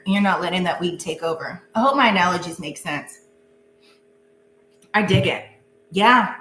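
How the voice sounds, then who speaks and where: A woman's voice: mid-range voice, fairly bright tone. A woman giving a casual live tarot reading, chatty and goofy, laughing often. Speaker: tarot reader. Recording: echoey room with faint hum.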